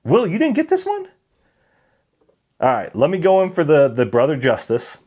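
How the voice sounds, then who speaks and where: A man's voice: on the high side, huge pitch swings, normal speed, darkish tone. A man hosting a casual whiskey livestream, chatting with viewers and reading their comments aloud. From Colorado.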